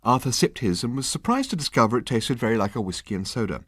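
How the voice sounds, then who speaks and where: A man's voice: mid-range voice, fast, no room sound, clean studio sound. Wry male audiobook narrator. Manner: wry, deadpan humor. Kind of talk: scripted narration.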